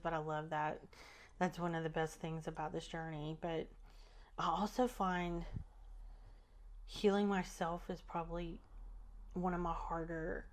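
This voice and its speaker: A woman who works as a spiritual healer, talking thoughtfully on a podcast, often trailing off and restarting, with soft laughs. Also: fairly low pitch. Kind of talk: casual podcast conversation.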